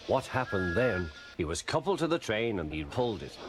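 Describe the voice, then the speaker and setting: A man narrating a children's story in a gentle, measured reading voice. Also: fairly low pitch, big pitch swings. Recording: narration over loud music.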